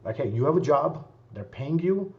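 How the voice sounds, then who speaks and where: A male guest on a podcast, answering in a lively conversational way and acting out quoted voices. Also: on the high side, moderate pace. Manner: animated, acts out quoted voices. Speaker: guest sales leader. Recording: dull lo-fi recording.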